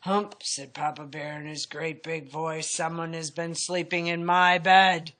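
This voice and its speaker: Big gruff papa bear played by a woman, loud and booming, kinda low, storybook. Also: level tone, a little slow. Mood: grumbling.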